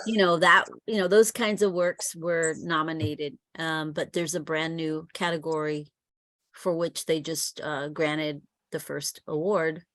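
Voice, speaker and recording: Woman, poet, lowish voice, eager, halting with fillers, dry sound. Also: flat delivery, a bit bright, no room sound. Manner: enthusiastic, many fillers and restarts. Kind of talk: casual chat.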